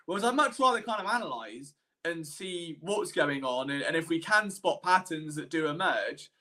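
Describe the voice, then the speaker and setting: A man with a high, bright, forceful voice hosts a live-streamed sports show. He rambles and circles back on himself with plenty of self-deprecating asides. His analysis comes across as animated, casual and unscripted. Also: moderate pace. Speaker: sports podcast host.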